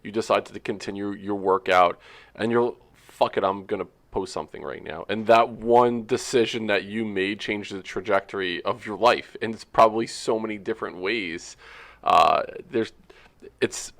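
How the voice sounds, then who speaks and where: A man hosting a podcast interview, reflective and halting as he asks his questions. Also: on the low side, vocal fry, fairly bright tone. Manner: reflective, halting, many fillers. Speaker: podcast host.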